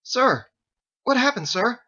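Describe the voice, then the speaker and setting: A man voicing a young female corporal who barks high, shouted military replies, in a dull lo-fi recording. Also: big pitch swings, slow pace, breathy edge, exaggerated voice. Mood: startled.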